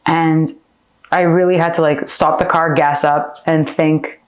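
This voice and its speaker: Brief: low-voiced woman, candid podcast guest, heartfelt and chatty. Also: flat delivery, a little slow. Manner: heartfelt, chatty, heavy on fillers like "like". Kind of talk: candid personal interview.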